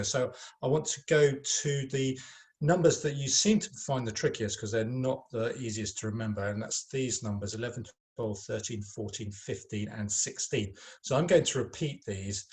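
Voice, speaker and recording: A man teaching a French lesson online, speaking to pupils in a patient, encouraging way with a touch of self-mocking humor. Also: mid-range voice.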